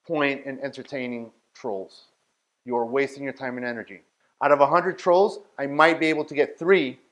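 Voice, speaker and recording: A man leading a workshop, talking bluntly and directly and often checking that his listeners follow. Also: mid-range voice. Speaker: outreach workshop leader. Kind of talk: workshop talk.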